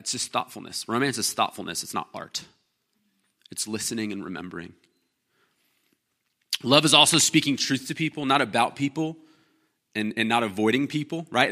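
A man preaching from the pulpit in a loose, conversational way. His voice is bright and forward, and he slips into little acted-out voices for the people he describes. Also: mid-range voice. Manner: conversational, animated, acts out quoted voices. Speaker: pastor. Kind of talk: sermon.

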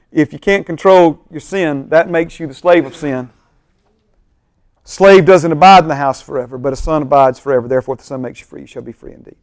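A man teaching a Bible class as a pastor, animated, often checking in with his listeners. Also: a little high, dry recording, clean studio sound.

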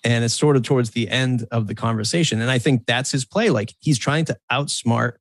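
A man's voice: medium pitch, dry recording. A man talking loosely on a podcast panel, rambling and correcting himself as he goes, laughing now and then. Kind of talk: casual panel discussion.

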